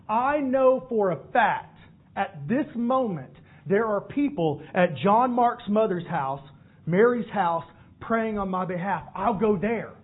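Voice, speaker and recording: A man voicing the apostle Peter as an urgent, practical man giving quick commands. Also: sits high, animated, husky, exaggerated voice. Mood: determined. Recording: phone-like narrow band.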